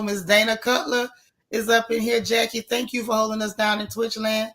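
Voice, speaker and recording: A woman's voice: on the high side, little pitch movement, moderate pace, a bit bright. A woman with a strained voice, hosting a casual live stream and greeting her viewers one by one in a folksy, chatty way. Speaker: livestream host.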